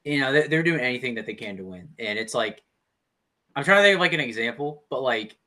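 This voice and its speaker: A man's voice: mid-range voice, animated, fast talker, sharp tone. A young man in a casual chat, thinking aloud, often stopping and restarting his sentences. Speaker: co-host.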